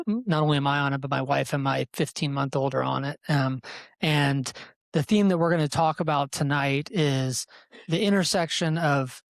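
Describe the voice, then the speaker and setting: A man's voice: on the high side, no room sound. A young adult man introducing a live panel in a casual, chatty way, with many fillers and restarts. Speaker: event host and moderator.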